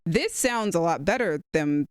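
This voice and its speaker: A man's voice: fairly high pitch, expressive, unhurried, smooth, dry recording. A man co-hosting a movie review podcast, chatting casually and enthusiastically, rambling with fillers. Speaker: podcast co-host.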